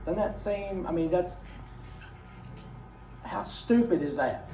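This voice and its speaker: A man teaching a class, explaining ideas through folksy, animated personal stories. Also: high-pitched, takes it slowly, long pauses. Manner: folksy and animated, drawling asides. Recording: echoey room, mic far off, noisy.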